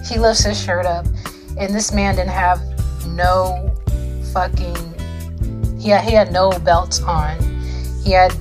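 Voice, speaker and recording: A young woman telling a story in a casual vlog, swearing often and filling her speech with "like". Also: on the low side. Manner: swearing, lots of "like" fillers, animated retelling.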